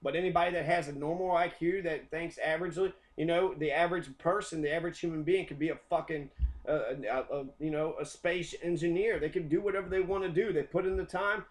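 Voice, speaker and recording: A man's voice: a little high, steady tone, quick pace. A young adult American man delivering a heated, profane rant, often repeating himself. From United States. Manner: profane, heated, repetitive ranting. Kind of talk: angry rant.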